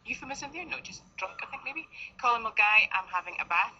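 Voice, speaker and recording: A woman's voice: fairly high pitch, animated, a little fast, bright, forceful tone, husky. A woman co-hosting a radio show, reading out listener texts with breezy, wry asides. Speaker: radio co-host. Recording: dull broadcast radio recording.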